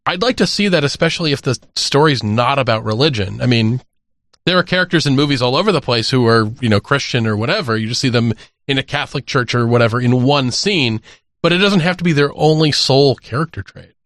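A man co-hosting a podcast, thinking out loud in casual chat. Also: medium pitch, lively intonation, fast, no echo, studio quality. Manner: thoughtful, talks through ideas with fillers. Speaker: podcast co-host.

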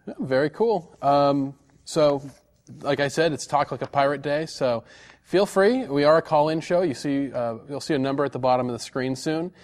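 A man's voice: a little high, moderate pace. A man hosting a live weekly call-in program, talking casually with frequent fillers and restarts. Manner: chatty, many fillers and restarts. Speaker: host of a call-in show.

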